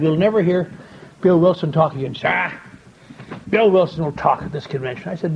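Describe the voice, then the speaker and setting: A man's voice: fairly high pitch, brisk, creaky. An older man telling a wry, folksy story to a convention audience, acting out the dialogue he quotes. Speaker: speaker at a recovery convention. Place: large convention hall. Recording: dull lo-fi tape with faint hiss.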